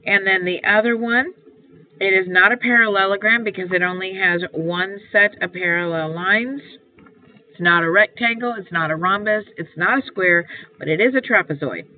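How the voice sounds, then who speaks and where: Walking through a homework assignment at a moderate pace, a woman math teacher with a mid-range voice explains every step patiently and goes back over the key points. The sound is thin, like a phone, with a faint hiss.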